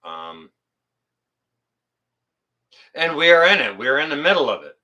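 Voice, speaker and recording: A man from Canada hosts a loose, joking livestream, talking to his chat with plenty of fillers. His voice is bright and lively, swinging up and down in pitch while he takes his time between thoughts. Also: measured pace. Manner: rambling and joking with frequent fillers. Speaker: livestream host reading chat.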